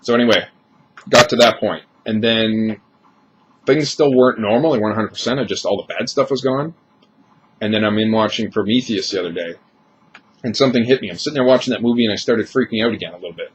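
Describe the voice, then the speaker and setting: Low-voiced man in his thirties, confessional. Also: quick pace, husky, dull audio. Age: 30s. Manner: candid, rambling confessional talk with restarts. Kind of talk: personal vlog monologue.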